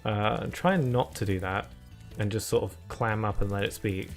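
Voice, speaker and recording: A man's voice: on the low side, fairly even intonation, normal speed, soft background music. A man streaming a video game live, chatting casually and rambling to his viewers as he plays. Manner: chatty and rambling, talks to chat between laughs.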